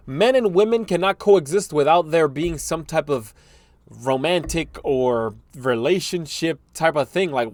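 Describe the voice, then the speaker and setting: A man talking casually as a reaction host, with a slightly higher-than-usual voice. The sound is close and dry, with no room around it. He speaks in relaxed, slangy, conversational commentary. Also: no room sound.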